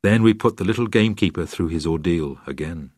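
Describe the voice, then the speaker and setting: A man's voice: sits low, a little fast, a little mellow, husky, no echo. An older English man reading his own memoir aloud, dry and wry, acting out the dialogue. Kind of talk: scripted narration.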